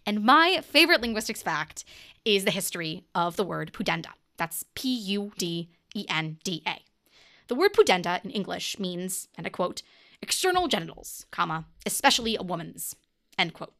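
A woman's voice: sing-song, normal speed, bright, forceful tone. A young woman, an undergraduate student hosting a podcast, delivering a scripted monologue in a wry, emphatic way. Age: young adult. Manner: wry and emphatic, with dramatic pitch swings. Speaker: podcast host.

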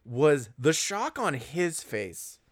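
A man's voice: fairly high pitch, very animated, slow. A man in casual conversation about a film, analytical, often restarting his sentences and quoting scenes. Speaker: podcast co-host.

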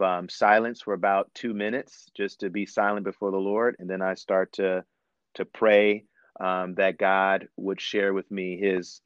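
A preacher describing a devotional practice in a reflective, unhurried way, with many fillers. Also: male voice, low-pitched, dry recording, highs cut off. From Ohio. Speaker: guest preacher. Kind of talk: phone-in devotional talk.

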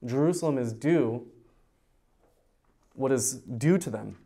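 A man's voice: mid-range voice, lively intonation, slow, gravelly, warm tone. Conversational male youth pastor teaching. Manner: conversational, asks the audience questions. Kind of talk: verse-by-verse teaching sermon.

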